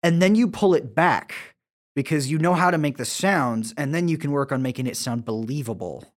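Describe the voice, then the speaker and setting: A man's voice: on the high side, brisk. A man co-hosting a casual chat, explaining stage dialects in a teacherly way. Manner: explanatory, teacherly about accents. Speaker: podcast co-host.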